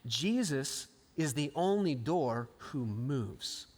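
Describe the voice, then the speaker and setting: Man, pastor, animated sermon, long church reverb. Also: medium pitch, slow pace, husky. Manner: animated storytelling, acting out quotes with sudden swings from loud to hushed. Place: large church auditorium.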